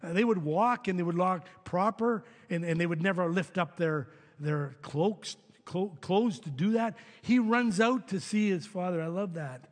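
A man's voice: sits high, normal speed, few pauses. A man preaching a sermon in a church, earnest and often repeating words as he goes. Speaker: pastor. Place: church sanctuary. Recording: reverberant hall sound.

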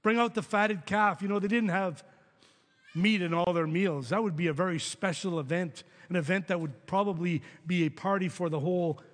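Man, pastor, earnest sermon, slightly high voice, long church reverb. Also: moderate pace. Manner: earnest, stumbles and repeats words. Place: church sanctuary. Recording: reverberant hall sound.

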